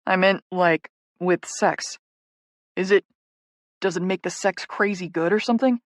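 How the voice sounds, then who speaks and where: A woman's voice: lowish voice, unhurried, dry recording, clean studio sound, natural voice. A woman reading an audiobook, voicing a cocky, competitive young man who talks brashly. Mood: incredulous. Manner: brash, excitable.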